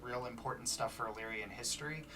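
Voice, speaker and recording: Man, game master, casual halting narration, mid-pitched, a little off-mic. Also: sharp tone, far from the mic, soft background music. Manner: casual, halting, many fillers.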